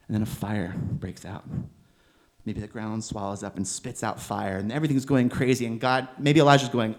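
A man preaching a sermon in a conversational, animated way, using filler words as he goes. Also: fairly low pitch, moderate pace. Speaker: pastor.

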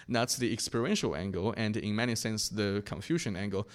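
A young man from China giving an earnest, reflective personal testimony, often pausing and restarting his sentences. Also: on the low side. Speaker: speaker sharing his faith testimony.

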